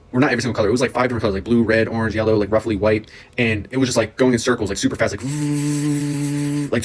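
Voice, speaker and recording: A young man telling a personal story in a casual, excited, rambling way, full of fillers and restarts. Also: medium pitch, slightly rough.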